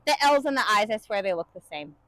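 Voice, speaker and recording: A woman's voice: medium pitch, big pitch swings, fast talker, a bit bright, dry recording, rough recording. A woman from the United States co-hosting a live cooking stream, chatting casually and upbeat while reading out viewer comments.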